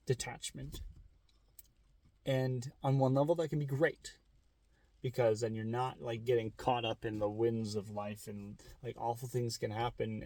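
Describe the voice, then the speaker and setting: A young man with a mellow, relaxed voice talks through big questions in a casual vlog. He rambles, corrects himself mid-thought and swears freely. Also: medium pitch, no room sound. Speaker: vlogger. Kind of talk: casual philosophical monologue.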